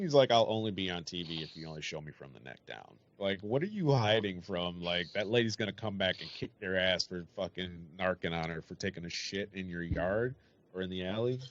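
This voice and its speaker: Low-voiced man, laid-back and profane. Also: muffled recording. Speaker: podcast co-host. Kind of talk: casual chat.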